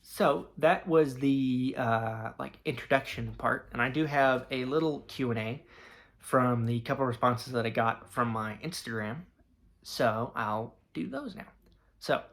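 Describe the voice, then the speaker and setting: A man's voice: medium pitch, measured pace, a bit bright. Rambling man with lots of fillers. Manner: rambling, hesitant, frequent fillers. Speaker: channel host. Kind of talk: casual self-introduction and Q&A.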